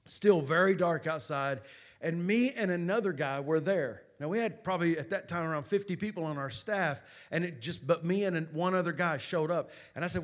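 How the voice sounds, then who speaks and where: A male pastor telling a personal story in a sermon, swinging between hushed narration and loud, rising preaching. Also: a little high, a little fast.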